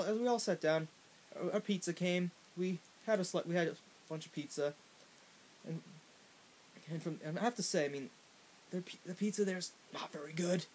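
A man with a fairly high voice tells a comic story straight to the camera. He rambles, stops and restarts, and fills the gaps with ums. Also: a little mellow. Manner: rambling, with many fillers and restarts. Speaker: vlogger. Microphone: in front of a camera.

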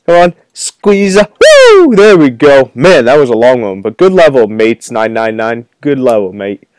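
A young man giving jokey, excitable commentary while playing a video game, whooping when he wins. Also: medium pitch, moderate pace, no room sound. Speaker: gaming channel host. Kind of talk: casual let's play commentary.

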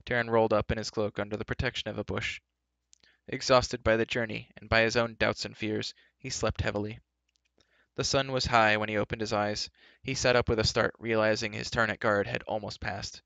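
A man reads a story aloud with a low, gravelly voice in a steady, even manner. The sound is dry and close with a dull, lo-fi quality. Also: normal speed, no echo. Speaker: narrator. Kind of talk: live storybook reading.

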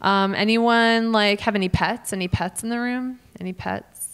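An American woman doing live stand-up crowd work in a small venue, quick and self-mocking. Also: mid-range voice, fairly even intonation, clear, resonant tone. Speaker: comedian working the crowd.

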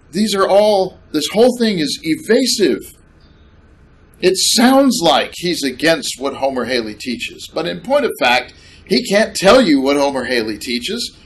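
A man's voice: medium pitch, slight background noise. A man preaching a sermon, emphatic and sarcastic, repeating points with questions to the congregation. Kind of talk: sermon with slides.

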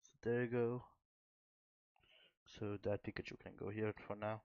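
A man chatting casually to his viewers while opening trading card packs, excitable and quick to exclaim. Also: lowish voice, smooth, dry recording. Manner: chatty, keeps addressing viewers as guys. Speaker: trading card pack opener. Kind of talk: casual unboxing chat to viewers. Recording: dull, dry lo-fi home recording.

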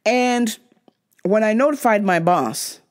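A young woman rants through her customer stories with a lively voice that climbs and drops constantly. She swears freely and sounds fed up, and she switches into squeaky voices to imitate people. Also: slow. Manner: profane, exasperated storytelling; animated, mimics others in high-pitched voices. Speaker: podcast host. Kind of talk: ranting storytime.

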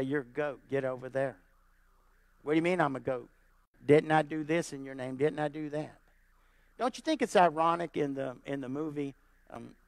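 High-voiced man preaching with emphatic repetition. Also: dry recording. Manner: emphatic preaching with repeated lines and calls of "Amen?"; folksy, plainspoken asides. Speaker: pastor. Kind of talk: sermon.

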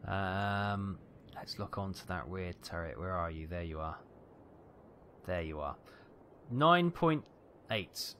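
A man giving tense, excitable live commentary on a naval battle game, calling out ranges and fire orders. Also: deep voice, slow, slight background noise. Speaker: gameplay commentator.

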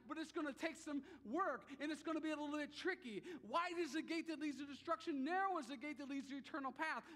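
Male pastor, high-pitched, preaching to a congregation in a reverberant church sanctuary. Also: fairly bright tone. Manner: conversational preaching with repeated emphatic phrases. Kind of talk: sermon.

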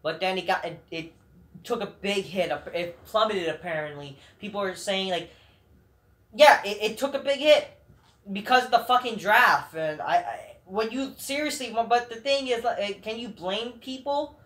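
A woman's voice: medium pitch, moderate pace, fairly bright tone. A woman reviewing wrestling shows in an angry, profane, rambling rant full of restarts. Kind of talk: ranting commentary.

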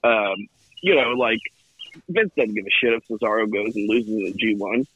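A man's voice: fairly low pitch, moderate pace, breathy edge, no room sound. A man in his thirties co-hosting a casual chat, cursing freely and acting out what others might say. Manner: profane, animated storytelling with acted-out quotes. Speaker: podcast co-host. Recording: tinny phone-like line.

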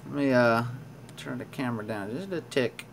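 An expressive, creaky medium-pitched voice at normal speed belongs to a man chattily opening sports card packs. Over a little hiss or hum, he reads card names aloud and chuckles now and then in his casual commentary.

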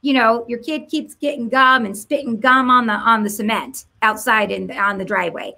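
A woman with a high voice delivers an impassioned monologue to camera. She mocks her targets, fires off rhetorical questions and slips into voices. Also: steady tone, normal speed, vocal fry, pushed and bright. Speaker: political commentator.

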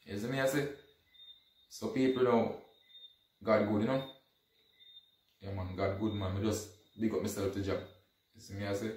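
A man's voice: fairly low pitch, moderate pace, long pauses. Guy telling a story, acts out all the lines, sounds far off in an echoey room. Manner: animated, acts out dialogue, repeats "you see me". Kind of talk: casual retelling of an event. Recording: echoey room, distant from mic.

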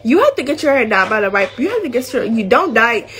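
A woman's voice: fairly high pitch, sing-song, fast, a bit bright. A teenage girl chatting candidly to viewers in a casual vlog, using slang like y'all and finna. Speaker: vlogger. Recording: music playing behind the voice.

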